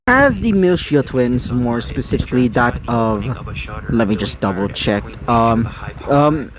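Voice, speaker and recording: A man's voice: mid-range voice, lively intonation, a little slow, a crowd in the background. A man narrating his own fan story, rambling with many fillers and self-corrections.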